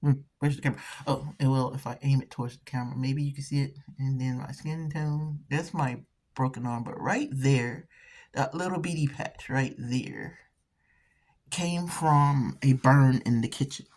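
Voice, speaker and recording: A woman's voice: a bass voice, moderate pace, a little mellow. A woman hosting an art channel, chatting casually while painting and rambling through stories with frequent restarts.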